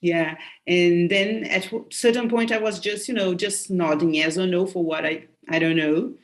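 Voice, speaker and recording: A woman's voice: lowish voice, steady tone, moderate pace. A woman from Brazil, Portuguese by first language, speaking English with a Brazilian accent as host of a casual conversational interview, telling stories in a loose way with restarts. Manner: storytelling, loose and chatty with restarts.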